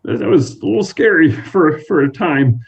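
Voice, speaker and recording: A man's voice: fairly high pitch, animated, moderate pace, creaky, lo-fi sound, voice pushed up. A man voicing a young man who exclaims with breathless, overjoyed relief. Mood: relieved, shaken. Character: excited young man regaining sight.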